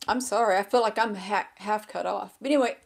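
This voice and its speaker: Woman vlogger with a crackly, gravelly fry, chatting aimlessly and poking fun at herself, seated at home. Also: mid-range voice, brisk. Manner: rambling and self-deprecating, loses her train of thought. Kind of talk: casual chat to camera. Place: indoors at a table with a laptop. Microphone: small handheld microphone.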